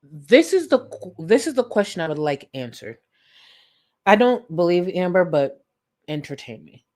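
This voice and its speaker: A woman hosting a live-stream commentary, incredulous and animated, thanking viewers for donations between points. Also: on the low side, moderate pace. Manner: animated, incredulous, thanks chat donors warmly. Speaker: commentary YouTuber.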